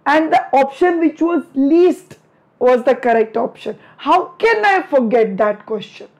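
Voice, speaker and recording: Indian woman teacher, middle-aged, high and slow, teasing and affectionate, slightly worn throat. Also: lively intonation, a little mellow. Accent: Indian English. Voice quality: strained throat from many lectures. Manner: chatty, affectionate, teasing with students. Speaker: online biology teacher. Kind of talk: live online class, greeting students.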